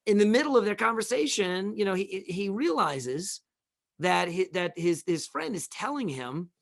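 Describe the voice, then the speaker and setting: A man's voice: sits high, sing-song, moderate pace, vocal fry, no echo, studio quality. A man hosting a live talk show, speaking in a casual, folksy way, rambling with many restarts and repeated words. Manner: conversational, folksy. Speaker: host.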